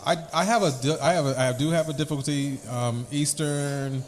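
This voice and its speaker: A man's voice: on the high side, fairly even intonation, fairly quick, a little hiss or hum. A man co-hosting a casual podcast, rambling through his points and slipping into rhyming wordplay. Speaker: podcast co-host. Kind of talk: casual chat.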